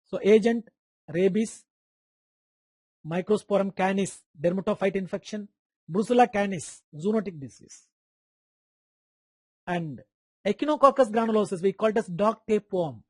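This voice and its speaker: A man's voice: sits high, no echo. A man with an Indian English accent giving an online medical lecture, quizzing students by name and repeating key terms.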